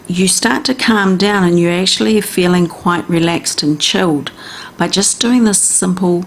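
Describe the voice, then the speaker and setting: Gravelly low-voiced New Zealand woman. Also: slight background noise. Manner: gentle, chatty, coaching listeners step by step. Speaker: radio health and wellness host. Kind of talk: casual instructional radio talk.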